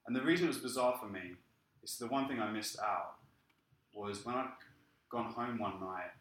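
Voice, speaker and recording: A man preaching a sermon and telling his own story in a lively way. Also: on the low side, normal speed, echoey room, low-quality recording. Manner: lively storytelling, acting out quoted speech. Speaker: pastor. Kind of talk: sermon with personal testimony.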